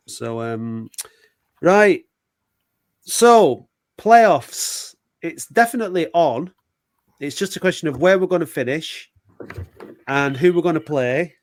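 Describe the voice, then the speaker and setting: A man hosting a football fan podcast, chatting casually with dry teasing jokes. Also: medium pitch. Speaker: podcast host. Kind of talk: casual chat.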